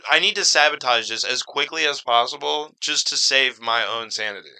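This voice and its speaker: Bright, crisp-voiced young man ranting. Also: medium pitch, moderate pace, poor audio. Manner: animated, profane storytelling. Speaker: podcast co-host. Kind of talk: casual chat.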